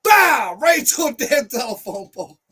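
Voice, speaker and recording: High-voiced man telling a rowdy story. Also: moderate pace, husky. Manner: animated, loud, swears heavily, acts out quotes. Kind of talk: profane comic storytelling.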